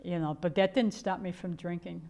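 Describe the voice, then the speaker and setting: A woman's voice: fairly low pitch, steady tone, normal speed, creaky, warm tone. An older woman from the Chicago area telling her own life story in a candid, rambling way, full of fillers and restarts. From Chicago area, USA. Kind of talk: personal storytelling.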